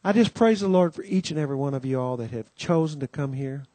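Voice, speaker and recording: Welcoming the audience to a Christian conference, a man with a medium-pitched, expressive, mellow voice talks fast with no echo. He spins homespun stories with many asides and plenty of "you know"s, acting out the voices he quotes.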